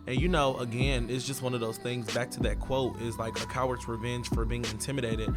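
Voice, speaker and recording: A man's voice: mid-range voice, flat delivery, brisk, few pauses, over loud music. Casual young man venting to viewers. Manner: casual, meandering, filler-heavy with likes and ums. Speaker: vlogger. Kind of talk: casual vlog rant to viewers.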